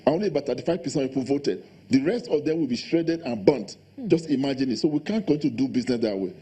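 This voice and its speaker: A man, a guest in a TV studio interview, speaking quickly and insistently about policy. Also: mid-range voice, expressive, mellow, husky. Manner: fast, insistent, policy talk. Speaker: election official guest.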